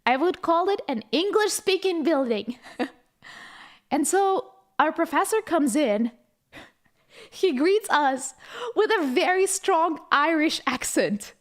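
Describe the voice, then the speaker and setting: A woman's voice: high-pitched, lively intonation, takes it slowly, long pauses. A young woman from Ukraine, chatting casually on a live stream, telling stories, reading chat aloud and laughing often.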